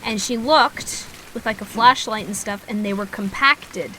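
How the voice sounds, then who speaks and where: A woman's voice: mid-range voice, unhurried, bright, forceful tone, slight background noise. A woman in her twenties, a streamer, telling a story in a rambling, casual way, swearing freely and laughing at herself. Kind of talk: casual storytelling while gaming.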